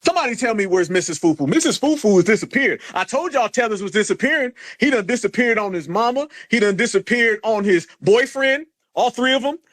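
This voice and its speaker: A man hosting a heated call-in stream, mocking and insulting a caller in a loud, taunting way. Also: high-pitched, lively intonation, a little fast, few pauses. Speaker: livestream host.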